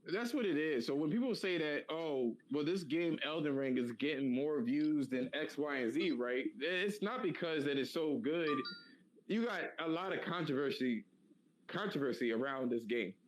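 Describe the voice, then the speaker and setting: This is a man in a casual podcast chat, talking in a loose, slangy way with plenty of ums along the way. His voice sits a little high for a man. He gets animated when he tells a story. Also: normal speed, a little hiss or hum, poor audio. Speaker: podcast co-host.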